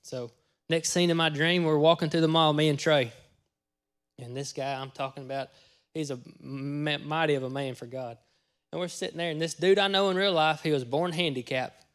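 Man, pastor, testimony sermon, folksy storyteller, loud acted-out bursts, fairly high voice. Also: fairly even intonation, moderate pace, smooth. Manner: folksy storytelling, acting out his own lines with sudden loud bursts.

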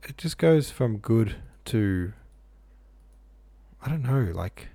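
A man's voice: mid-range voice, lively intonation, takes it slowly, warm tone, breathy edge, dry recording. A man reading a novel aloud, breaking off for offhand asides full of "like". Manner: offhand, says "like" a lot. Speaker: reader.

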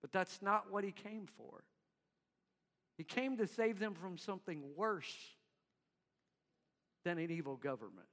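A man preaching a sermon in an animated way, acting out crowd voices and dropping to quiet low tones. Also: measured pace, pauses often. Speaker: pastor. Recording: long reverb in a hall.

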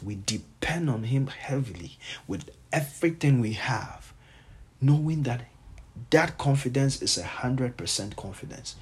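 A man's voice: medium pitch, expressive, a little slow, slightly rough. A male pastor preaching a sermon, repeating his points with emphasis and reading scripture aloud.

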